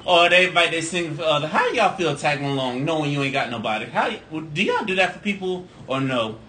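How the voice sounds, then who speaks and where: A man co-hosting a casual drinking podcast, joking in a profane, animated way. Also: fairly high pitch, quick pace, a little hiss or hum. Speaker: podcast co-host.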